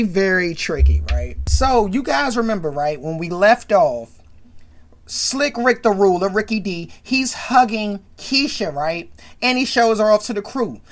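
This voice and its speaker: Lady ranting on her channel, gets all worked up, keeps going "right?". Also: mid-range voice. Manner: animated, excitable, keeps tagging lines with "right?". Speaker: host. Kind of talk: casual commentary rant.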